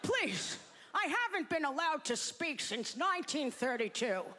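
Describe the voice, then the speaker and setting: A woman's voice: sits high, big pitch swings, unhurried, bright, forceful tone, voice pushed up, exaggerated voice. A woman voicing a worn-down old grandfather who begs for help in a stand-up bit. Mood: pleading. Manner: pleading, desperate. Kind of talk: stand-up act-out.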